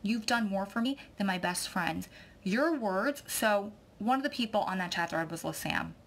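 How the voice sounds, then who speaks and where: A woman's voice: medium pitch, expressive, moderate pace. A woman vlogging, talking in a rambling, effusive way that often turns tearful. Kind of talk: rambling emotional vlog chat.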